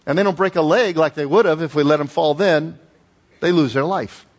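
A man preaching a sermon as pastor, telling stories with lively emphasis and repeated phrases. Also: a little high, fairly quick. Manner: animated storytelling with emphatic repetition.

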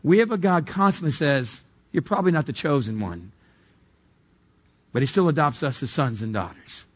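A man's voice: a little high, animated, moderate pace. A male pastor delivering a sermon in a conversational, emphatic way, asking the congregation direct questions.

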